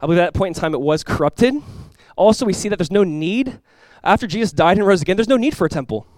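Fast-talking pastor, casual preaching. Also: male voice, high-pitched, dry recording, rough recording. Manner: casual, animated preaching with playful voiced asides. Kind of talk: sermon.

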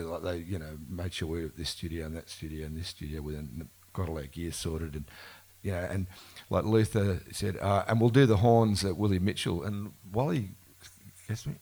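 A man with a deep, husky voice tells stories in a loose, rambling way, often restarting his sentences and breaking into laughs. This was recorded live at a bookshop conversation event. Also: a little mellow. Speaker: musician being interviewed. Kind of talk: casual storytelling conversation.

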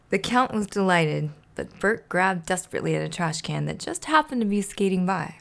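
A woman's voice: on the low side, lively intonation, moderate pace, vocal fry, few pauses, fairly bright tone. A woman hosting a casual podcast, chatting and reading a children's storybook aloud, laughing often. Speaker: podcast host.

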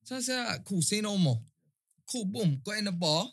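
Man, a little high, punchy, chatty storyteller. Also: brisk, gravelly, breathy edge. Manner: animated storyteller, heavy slang, keeps asking "you get me". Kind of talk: casual chat.

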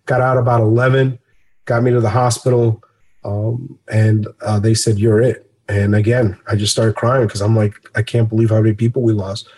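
A former police officer recounting a rescue in halting, earnest personal testimony, pausing often mid-sentence. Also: male voice, on the low side, a little mellow, husky.

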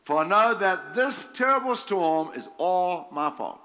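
Slow, bright-toned male preacher; emphatic, chuckling, reads scripture then comments. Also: high voice, animated. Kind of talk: sermon reading scripture with commentary.

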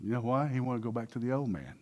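A man preaching a sermon with lots of energy, acting out little dialogues and swinging between loud bursts and hushed passages. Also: mid-range voice, lively intonation, fast. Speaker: pastor.

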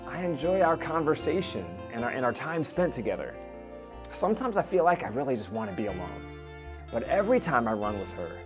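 A middle-aged man preaching a sermon in an earnest, conversational way. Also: mid-range voice. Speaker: pastor.

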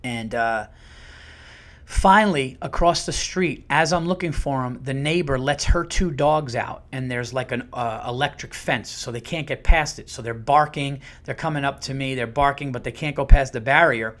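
A man in his thirties or forties hosting a podcast, telling a story in a casual, profane, animated way and acting out quotes with sudden jumps in pitch and loudness. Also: moderate pace. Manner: profane and conversational. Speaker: podcast host.

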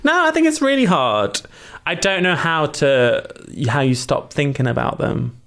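A man co-hosting a podcast in casual chat, giggly and quick to laugh. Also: on the high side, very animated, creaky, fairly bright tone, slight background noise. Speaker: podcast co-host.

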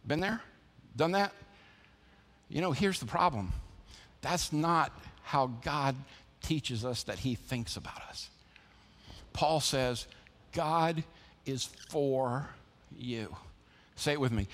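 A man's voice: mid-range voice, a little slow, fairly bright tone. Preaching man in a reverberant church. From American South. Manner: rhetorical questions, call-and-response. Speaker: pastor. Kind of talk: sermon. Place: church building. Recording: church sanctuary with long reverb.

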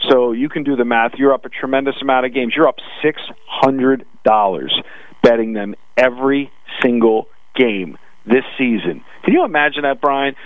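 A man with a Brooklyn accent analyzing sports betting odds on a radio talk show, talking fast with frequent restarts. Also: mid-range voice, no echo, narrow, tinny audio. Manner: rapid with frequent restarts, "listen".

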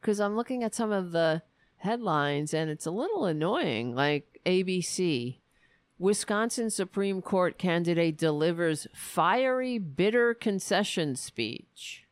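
A woman's voice: fairly low pitch, expressive, measured pace, no echo. A woman hosting a political commentary show, ranting in a sarcastic, profane, exasperated way.

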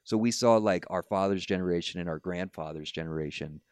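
A man's voice: deep voice, brisk, clear, resonant tone, no echo, clean studio sound. A man in his thirties hosting a casual podcast discussion, talking loosely with restarts and laughing asides. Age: 30s. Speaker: podcast host.

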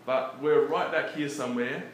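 A man preaching in a relaxed, conversational way, often chuckling between his points. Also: mid-range voice, normal speed. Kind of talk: conversational sermon. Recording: echoey room with faint background noise.

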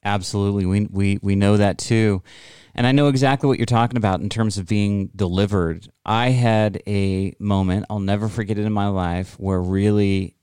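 Deep-voiced, earnest male host. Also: fairly even intonation, normal speed, darkish tone, clean tone, no room sound, studio quality. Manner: earnest, empathetic, shares personal stories. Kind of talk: conversational talk show.

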